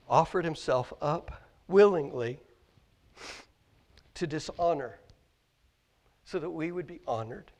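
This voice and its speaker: Earnest Midwestern pastor preaching. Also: male voice, fairly high pitch, slow pace, long pauses, darkish tone. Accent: American Midwest. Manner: earnest, asks many questions, stumbles and repeats words. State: choked up with emotion. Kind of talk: sermon. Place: church sanctuary.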